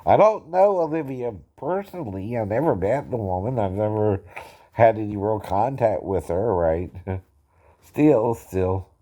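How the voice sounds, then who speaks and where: A man's voice: on the low side, expressive, unhurried, mellow. A man chatting casually about his singing impressions, tagging nearly every phrase with a questioning "right?" and chuckling often in a slightly self-conscious way. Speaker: amateur impersonator explaining singing impressions. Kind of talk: casual talking-head chat.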